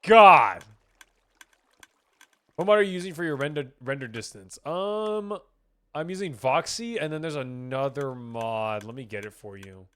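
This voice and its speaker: A man's voice: medium pitch, lively intonation, moderate pace. A young man streaming a game, chatting casually and reading chat aloud, rambling and swearing, with keyboard typing behind him.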